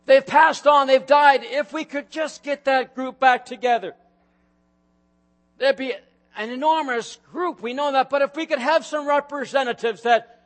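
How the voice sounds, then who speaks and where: A man with a very high voice delivers a sermon from the front of a church. He preaches emphatically, hammering repeated phrases and rising into sudden loud bursts. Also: moderate pace. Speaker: pastor. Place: church sanctuary.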